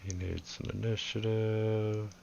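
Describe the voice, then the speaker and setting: A man running a tabletop game as game master, halting and filling pauses with "uh". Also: fairly low pitch, little pitch movement, gravelly, dark tone, slight background noise. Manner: halting, with many filler sounds. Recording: dull lo-fi recording.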